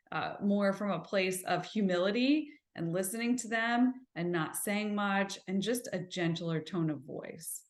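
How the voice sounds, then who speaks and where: A woman's voice: medium pitch, echoey room. A woman hosting a self-help podcast, talking earnestly in a coaching tone and asking her listeners rhetorical questions. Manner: slows and softens when describing gentle listening. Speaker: podcast host.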